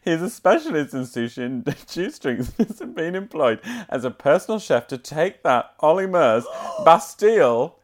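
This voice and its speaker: A woman's voice: deep voice, very animated, normal speed, hardly any pauses, a little mellow. A woman co-hosting a casual chat, reading news stories aloud with playful asides. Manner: giggly, breaks into put-on voices and playful asides. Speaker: podcast co-host.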